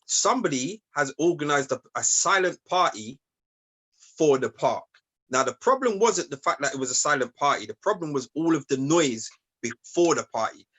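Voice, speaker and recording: A man tells a long story on a casual podcast, repeating himself to build it up. His voice is bright and pushed forward, pitched a little high. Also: expressive, moderate pace, breathy edge. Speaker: podcast co-host. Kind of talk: casual chat.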